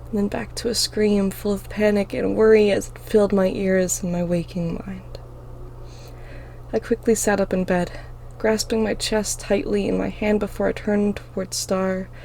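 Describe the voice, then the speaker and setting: Gravelly woman reading her story aloud. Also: medium pitch, slight background noise. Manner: emotional, expressive. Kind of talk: dramatic first-person story reading.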